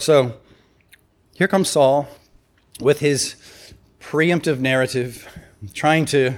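A man's voice: fairly high pitch, fairly even intonation, unhurried, long pauses. A man preaching a sermon in a conversational way, reading scripture and acting out the quotes.

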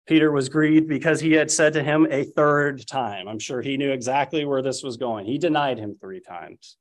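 Male preacher, mid-pitched, lively storytelling sermon, acts out the quotes. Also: moderate pace, few pauses. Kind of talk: expository sermon.

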